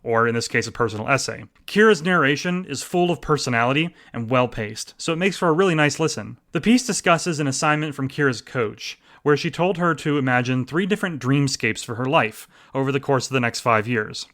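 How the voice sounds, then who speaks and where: A man's voice: mid-range voice, lively intonation, brisk, few pauses, fairly bright tone. A man in his thirties hosting a podcast, chatting enthusiastically about stories he enjoyed and joking at his own expense. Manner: enthusiastic, chatty, self-deprecating. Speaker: podcast host. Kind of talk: casual podcast recommendations.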